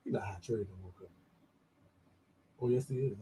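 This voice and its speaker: A man hosting a casual livestream gossip show, animated and camp, chatting directly to his viewers. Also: lowish voice, fairly quick, slight background noise. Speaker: show host.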